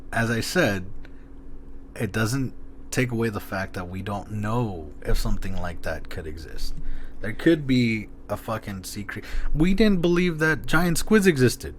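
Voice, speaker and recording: Man, podcast co-host, rambling, excitable, filler-heavy, faint background hiss. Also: on the low side, unhurried. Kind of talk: casual podcast chat.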